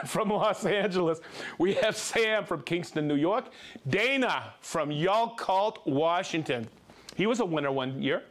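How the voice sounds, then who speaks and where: A man hosting a casual live tool demo stream, chatty and excitable, calling out viewers. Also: fairly high pitch, a little slow. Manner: excitable, bursts into shouts of joy; chatty, reads viewer shout-outs.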